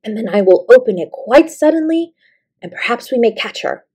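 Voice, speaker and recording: A woman's voice: on the high side, animated, moderate pace, mellow, husky. A woman reading as a clever dreamy little girl. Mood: hushed. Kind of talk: storybook reading.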